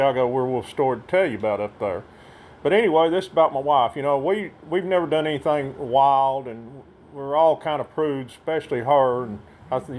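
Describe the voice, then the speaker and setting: A man's voice: medium pitch, darkish tone, slight background noise. Folksy man. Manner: folksy, meandering, with restarts. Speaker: storyteller. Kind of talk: rambling personal storytelling.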